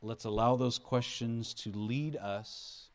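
A man's voice: medium pitch, slow. A male pastor preaching an Easter sermon, earnest, his voice rising and falling for emphasis as he acts out quotes.

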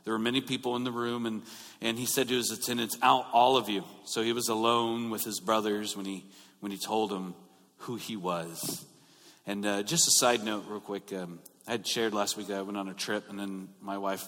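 A man preaching a sermon in an informal way, often restarting his words and growing more animated as he goes. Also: lowish voice, long reverb tail. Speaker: pastor.

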